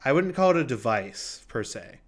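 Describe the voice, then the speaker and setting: A man's voice: medium pitch, very animated, normal speed, a crowd in the background. A man hosting a game show, chatting loosely with frequent ums. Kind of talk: casual hosting banter.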